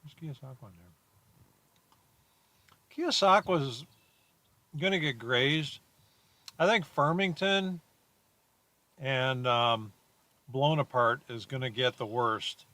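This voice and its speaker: A man's voice: mid-range voice, takes it slowly, long pauses, pushed and bright. A man chasing storms, chatting casually from inside a car, rambling and joking as he plays with place names. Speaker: storm chaser. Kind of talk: casual chat while driving.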